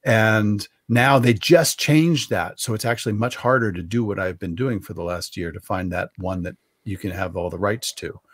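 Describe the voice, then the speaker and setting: A man's voice: lowish voice, normal speed, few pauses, dry recording. A man, an author, chatting on a video call, telling stories in a rambling, self-correcting way. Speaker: author guest. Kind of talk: casual video call interview.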